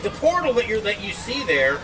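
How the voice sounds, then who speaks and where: A man's voice: high voice, fairly quick. A man narrating scenes as game master of a tabletop game, recorded outdoors. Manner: lively descriptive narration. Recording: distant mic, background noise outdoors.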